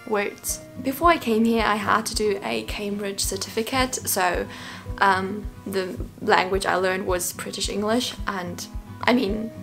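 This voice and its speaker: A woman's voice: mid-range voice, steady tone, unhurried, gravelly, a bit bright, soft background music. A young woman from Germany with a German accent, chatting casually in a vlog, laughing often and acting out what people said. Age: young adult. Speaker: vlogger.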